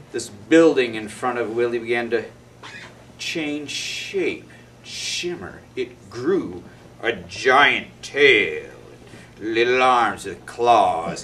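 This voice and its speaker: A man's voice: mid-range voice, pushed and bright. A male storyteller performing a children's tale dramatically, with gasps and sound effects. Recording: distant mic with faint noise.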